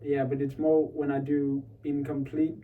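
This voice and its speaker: A man's voice: mid-range voice, completely flat delivery, normal speed, recorded from a distance, narrow, tinny audio. A man studying conducting, answering tentatively and singing rhythms back in syllables. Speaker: conducting student.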